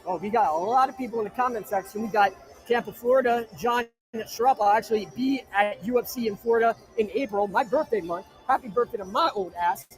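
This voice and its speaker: High-voiced brash man hosting a live stream. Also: fairly quick, faint music behind. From New Jersey. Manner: brash, crude joking shout-outs. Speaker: livestream host. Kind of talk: live-stream chat reading viewer comments. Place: inside an arena.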